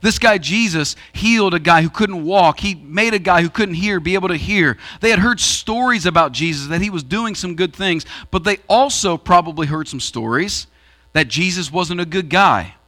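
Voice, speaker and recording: A male pastor delivers a sermon in a church auditorium, his voice bright and slightly high. He moves between loud, pressing lines and quiet, hushed ones. A steady mains hum runs beneath the recording. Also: normal speed. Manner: animated preaching, swings between loud and hushed.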